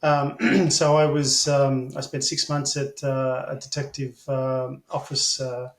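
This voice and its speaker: A man's voice: mid-range voice, flat delivery, slow. Australian man telling rambling stories. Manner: rambling, filler-heavy, blunt and swearing. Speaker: interview guest. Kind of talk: casual storytelling. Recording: echoey room.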